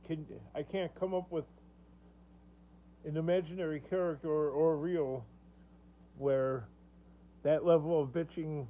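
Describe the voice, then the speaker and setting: Slow, rambling man on a tinny line. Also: a little high, steady tone. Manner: rambling, chuckles often, trails off. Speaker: livestream host. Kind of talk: casual livestream chat, reading viewer comments. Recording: tinny phone-like sound with faint hum.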